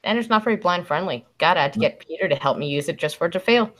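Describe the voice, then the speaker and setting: A woman's voice: lowish voice, lively intonation, racing, a bit bright. A woman from Canada joking bluntly and swearing in a casual chat with friends on a stream. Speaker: stream guest.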